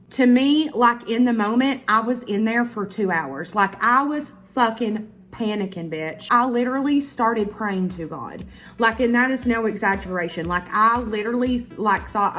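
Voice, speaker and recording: A woman telling a casual storytime to her viewers, animated and full of profanity. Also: on the high side, normal speed, soft background music. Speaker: YouTuber.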